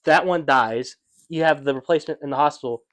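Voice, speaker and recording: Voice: mid-range voice, a little fast. A podcast co-host poking holes in a theory in casual, argumentative chat with casual swearing. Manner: skeptical, argues, swears casually.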